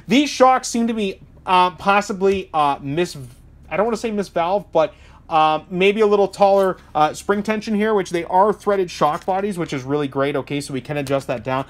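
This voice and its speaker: A chatty man with a fairly high voice talks his way through a casual hobby product review. He rambles, pokes fun at himself and keeps asking the listener "okay?" as he goes. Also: normal speed. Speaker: hobby shop owner reviewing RC trucks.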